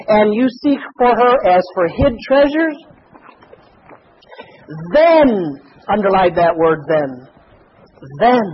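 A man's voice: very high-pitched, dull audio, a little hiss or hum. A middle-aged man preaching a sermon, asking the listeners rhetorical questions and stressing his points. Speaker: pastor.

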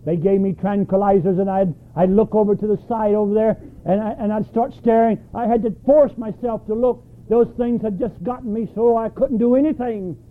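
Man preaching a sermon, kinda high voice, keeps asking the crowd stuff, sounds like an old phone-thin tape. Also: fairly even intonation, moderate pace, few pauses, narrow, tinny audio. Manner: emphatic, asks the congregation questions.

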